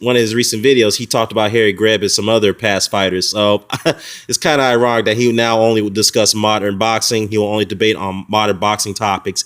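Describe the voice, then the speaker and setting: A man talking in a heated, mocking vlog rant, with frequent fillers and short laughs. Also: on the low side. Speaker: boxing commentary vlogger. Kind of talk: casual ranting response video.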